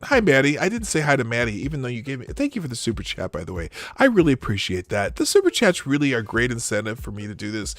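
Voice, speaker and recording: A man's voice: medium pitch, wildly swooping pitch, fast, few pauses, fairly bright tone, no room sound, clean studio sound, faint music behind. A man hosting a live stream, reacting to a clip with sarcastic, mocking comments and frequent laughter.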